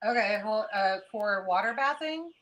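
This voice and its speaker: A woman in her home kitchen, explaining relaxed and hands-on as she works, on a casual video-call livestream. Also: mid-range voice, moderate pace. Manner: relaxed, explains while working. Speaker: guest canner explaining. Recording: noisy background.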